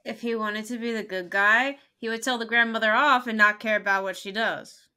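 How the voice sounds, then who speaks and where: A woman's voice: fairly high pitch, steady tone, brisk, bright, forceful tone, clear, resonant tone. A woman co-hosting a podcast, cutting in with playful, joking remarks. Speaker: podcast co-host. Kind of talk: casual podcast chat.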